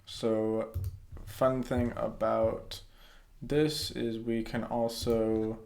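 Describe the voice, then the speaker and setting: A man's voice: medium pitch, little pitch movement, drawn-out words, creaky, a little mellow. Rambling male game streamer. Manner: rambling, many fillers. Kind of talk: casual live-stream game commentary.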